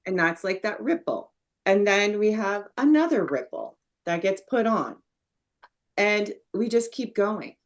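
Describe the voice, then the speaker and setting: A middle-aged woman hosting a podcast, speaking in a reflective, explanatory way and growing animated when she tells a story. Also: medium pitch, a little slow. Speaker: podcast host. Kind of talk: conversational interview.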